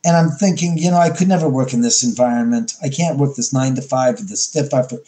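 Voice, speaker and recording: A man's voice: mid-range voice, quick pace, dark tone. A middle-aged man, a podcast guest, tells a story with animation, acting out his own lines and often restarting sentences. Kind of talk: storytelling interview.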